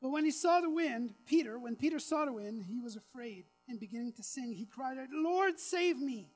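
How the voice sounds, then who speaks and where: A woman with a fairly high voice preaches a sermon, talking in a relaxed, chatty way with offhand jokes and asides. She builds to emphatic, repeated phrases as the preaching intensifies. Soft music plays faintly behind her. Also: a little fast, poor audio. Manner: conversational, with casual asides and self-deprecating humor.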